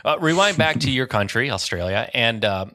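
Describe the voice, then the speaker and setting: A man's voice: medium pitch, animated, normal speed, sharp tone, dry recording, studio quality. A man hosting a real estate podcast, chatty and upbeat, introducing and interviewing a guest. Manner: upbeat, chatty, many fillers. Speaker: podcast host. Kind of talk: casual interview.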